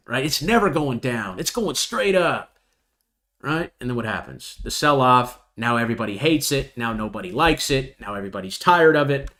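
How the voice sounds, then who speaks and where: Animated man hosting a trading stream. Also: medium pitch. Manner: animated, mocking imitations of retail traders. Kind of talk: live stream market commentary.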